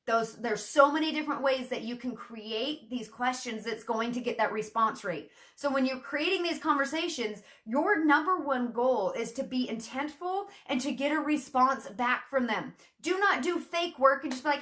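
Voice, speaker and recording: A woman's voice: high voice, moderate pace, sharp tone. A woman coaching her sales team in a casual, chatty teaching talk, acting out sample messages in a perkier voice. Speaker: network marketing team coach.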